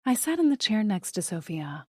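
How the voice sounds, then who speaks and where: A woman narrating a first-person thriller audiobook in a steady, measured way. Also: mid-range voice, no room sound, studio quality.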